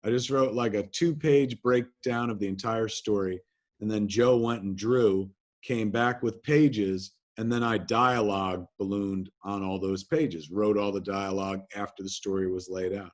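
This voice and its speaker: A man from New Jersey, a guest in an interview, telling animated anecdotes in casual talk and swearing freely. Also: fairly low pitch, normal speed. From New Jersey, USA. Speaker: interview guest, filmmaker and comics writer.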